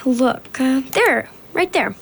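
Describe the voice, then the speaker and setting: A woman's voice: high-pitched, expressive, slow pace, creaky, fairly bright tone, breathy edge, heavily acted. An actress playing a polite, anxious young assistant who hesitates when she is unsure, in a children's radio drama. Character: nervous, dutiful young woman assistant.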